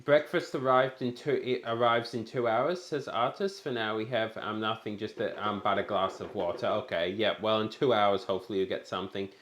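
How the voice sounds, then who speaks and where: A man's voice: fairly low pitch, steady tone, fairly quick, few pauses, a bit bright, reverberant. A man co-hosting a home cooking stream, chatting casually and reading viewer messages aloud with plenty of ums. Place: small home kitchen.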